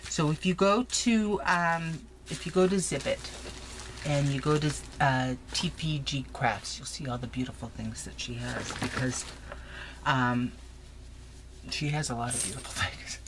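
A woman chatting excitedly through a crafting unboxing, gushing and laughing often in her home craft room. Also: extremely low pitch, a little slow. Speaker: crafting vlogger. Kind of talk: casual unboxing chat. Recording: noisy home recording.

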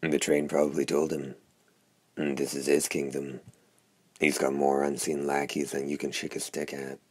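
A man reading the lines of a hoarse, wry, sardonic talking hand symbiote in an audiobook. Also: rumbling low, monotone, normal speed. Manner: wry, drawling.

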